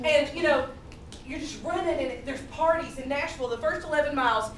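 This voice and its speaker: Woman telling a funny story, giggly and animated, far from the mic with noise behind. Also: high voice, fairly quick. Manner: animated, laughing while she talks. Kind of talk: comic storytelling to a live audience. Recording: echoey room from far off, noisy.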